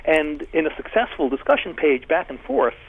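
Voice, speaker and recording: A man gives long, discursive interview answers with lively swings of pitch. His voice is husky and a bit breathy. It comes through a narrow, tinny phone line. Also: normal speed. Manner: animated, discursive, emphatic.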